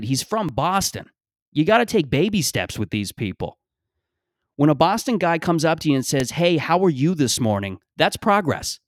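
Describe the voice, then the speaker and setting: A man around thirty rambles through a casual solo podcast, sarcastic and full of cussing. His voice sits in a middling pitch. The recording is close and dry, with no room sound. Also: no echo. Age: 30s. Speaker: podcast host.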